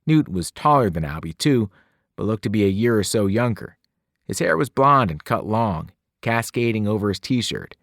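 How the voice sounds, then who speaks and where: Man, teacher reading aloud, animated delivery, dry recording. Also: fairly low pitch, normal speed, gravelly, dry recording. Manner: expressive, voices the characters. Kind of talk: audiobook narration.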